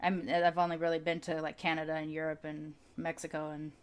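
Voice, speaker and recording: American woman guest on a chatty podcast, animated, laughs a lot. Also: low voice, brisk, smooth. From United States. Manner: animated storyteller, laughs often. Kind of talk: casual conversational interview.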